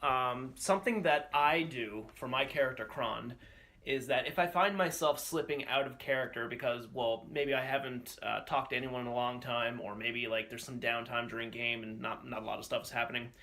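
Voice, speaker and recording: Bright-voiced man co-hosting a podcast. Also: medium pitch. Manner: halting, restarts, laid-back advice. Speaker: podcast co-host. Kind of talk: casual podcast chat.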